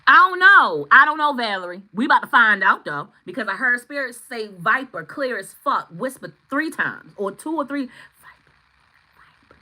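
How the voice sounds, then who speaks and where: Excitable high-voiced woman tarot reader. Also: moderate pace, few pauses, rough recording. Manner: excitable, swearing, bursts into shouts. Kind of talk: live-stream tarot reading, chatting with viewers.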